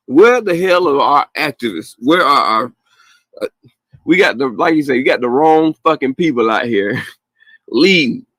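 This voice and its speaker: A man's voice: a little high, fairly bright tone, no echo, poor audio. A man hosting a podcast, ranting bluntly in casual slang with heated asides and frequent laughs. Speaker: podcast host. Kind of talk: casual profane rant.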